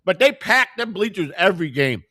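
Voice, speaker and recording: An older American man chats quickly, his voice sitting a bit high for a man. He tells long rambling stories, circling back with restarts and acting out what others said. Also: very animated, bright, forceful tone, no room sound, clean studio sound. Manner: rambling storyteller, many restarts. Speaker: co-host. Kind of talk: casual chat.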